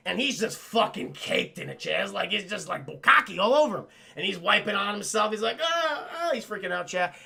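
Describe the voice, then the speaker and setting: A man's voice: high-pitched, creaky, pushed and bright. A young man recapping a film on a livestream, rambling and swearing, talking straight to his chat. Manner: rambling, profane, addresses chat constantly. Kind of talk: casual chat.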